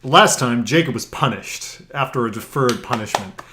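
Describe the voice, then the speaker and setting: A man's voice: mid-range voice, lively intonation, normal speed, sharp tone. A man co-hosting a comedy podcast, chatting casually and laughing easily. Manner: giggly, breaks into laughter easily. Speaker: podcast co-host.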